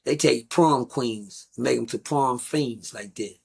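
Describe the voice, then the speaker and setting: A man's voice: medium pitch, measured pace, creaky, a little mellow, husky. A middle-aged man, a guest on a talk show, telling rambling stories in a blunt, profane, casual way. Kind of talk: casual storytelling.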